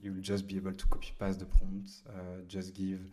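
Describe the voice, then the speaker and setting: A man giving an unscripted walkthrough of a software tool, talking in a halting way with frequent "uh" fillers and restarts. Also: low-pitched, monotone. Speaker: presenter demonstrating a video-editing AI tool.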